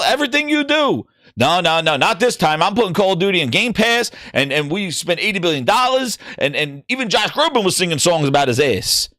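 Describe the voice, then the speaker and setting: A man hosting a gaming news livestream, ranting and joking with mock skits and shouting out viewers. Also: high-pitched, no room sound, clean studio sound. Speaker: livestream host.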